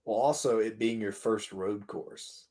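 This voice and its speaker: A man's voice: fairly low pitch, measured pace, a little mellow. A man co-hosting a casual interview, adding short remarks and reading listener questions. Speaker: podcast host. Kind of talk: casual chat.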